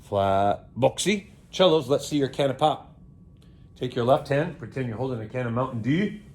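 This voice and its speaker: A man's voice: medium pitch, expressive, normal speed, a little mellow, husky. A man teaching young string players in a recorded lesson, playful and repetitive, with call-and-response chants and jokes, filmed in a school orchestra room.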